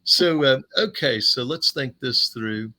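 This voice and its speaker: A man's voice: mid-range voice, lively intonation, a little slow, sharp tone. A man hosting a podcast interview, teasing and fond of putting his guest on the spot. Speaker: podcast host. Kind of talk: casual interview.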